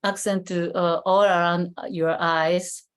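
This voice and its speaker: A woman giving a live skincare demonstration over a video call, explaining step by step in a halting way with many fillers and restarts. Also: on the low side, flat delivery, clean tone.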